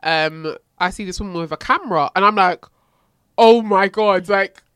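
A young woman in casual chat, telling a personal story with lively quoting of herself and frequent laughter. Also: mid-range voice, normal speed, clear, resonant tone, dry recording, studio quality. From Nigerian heritage. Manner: animated storyteller, quotes herself, laughs often.

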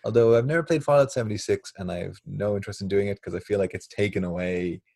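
An Irish man co-hosting a podcast in casual chat, talking fast and laughing often. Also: on the low side, creaky, a little mellow, dry recording. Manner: chatty, laughs often, swears lightly. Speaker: podcast co-host.

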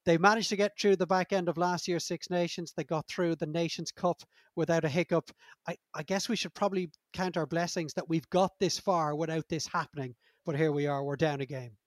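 A man's voice: a little high, steady tone, a little fast, no echo, clean studio sound. A man hosting a rugby podcast, speaking fluently and steering the talk. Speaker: podcast host. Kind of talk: podcast discussion.

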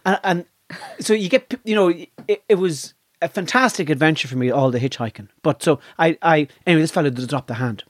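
A middle-aged Irish man telling a long story in casual chat, halting with restarts and fillers. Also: on the high side, lively intonation, no echo, studio quality. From Ireland.

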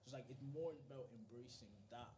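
A man with an Irish accent in a casual group chat, speaking thoughtfully and letting sentences trail off softly. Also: mid-range voice, a little fast.

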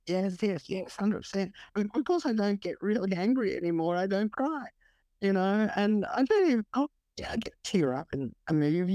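A woman's voice: mid-range voice, warm tone, dry recording. A woman guest on a podcast interview, speaking bluntly and matter-of-factly and laughing at herself. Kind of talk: casual interview chat.

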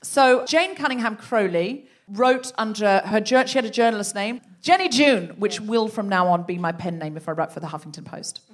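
A woman's voice: mid-range voice, animated, normal speed, few pauses. A woman hosting a live comedy podcast on a theatre stage, chatty and laughing as she tells a story and sets up an improv scene.

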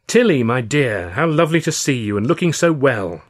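A man's voice: mid-range voice, lively intonation, brisk, husky. A man voicing a vain, showy comedian with theatrical, flamboyant charm. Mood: oily.

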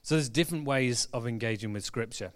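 A man preaches a sermon in a church hall. His pitch sits in a middle range, and he tells stories in a relaxed, conversational way, full of restarts and fillers. He speeds up and slows down as he goes. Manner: conversational storytelling, animated, frequent restarts and fillers. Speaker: pastor.

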